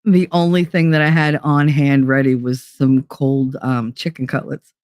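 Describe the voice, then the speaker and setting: A woman's voice: rumbling low, flat delivery, moderate pace, a little mellow, no echo, clean studio sound. A middle-aged woman hosting a casual live stream, talking candidly and profanely, laughing often and acting out voices of people she quotes. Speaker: livestream host.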